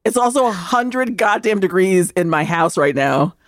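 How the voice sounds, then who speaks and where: A woman co-hosting a podcast in casual chat, profane and quick to laugh. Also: medium pitch, no room sound, clean studio sound. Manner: profane, animated, laughing often. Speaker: podcast co-host.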